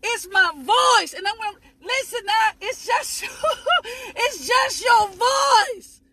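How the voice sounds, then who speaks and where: A woman preaching a fervent sermon, shouting, repeating phrases, letting out sudden high whoops, and talking straight to her listeners. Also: expressive, takes it slowly, crowd noise. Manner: addresses listeners directly and asks them to repeat after her.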